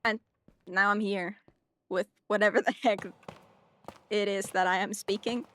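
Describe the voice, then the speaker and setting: A woman's voice: medium pitch, steady tone, measured pace, a bit bright. A young German woman, a native German speaker with an English accent that mixes British touches, chatting in a rambling, self-deprecating way while streaming a game. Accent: German-speaker with mixed British touches. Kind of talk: casual chat while playing.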